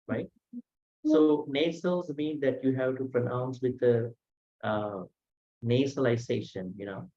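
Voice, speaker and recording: A man teaching a language lesson online, saying each sound slowly and patiently, with frequent pauses. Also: medium pitch, dark tone. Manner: slow, patient, pronounces sounds one by one with many "uh" pauses. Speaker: Pali teacher. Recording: dull lo-fi audio.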